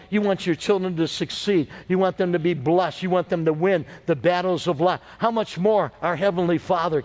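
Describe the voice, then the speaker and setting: A middle-aged man preaching as a pastor, telling stories and calling on the congregation for amens. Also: high-pitched. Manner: storytelling preacher with call-and-response. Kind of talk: sermon.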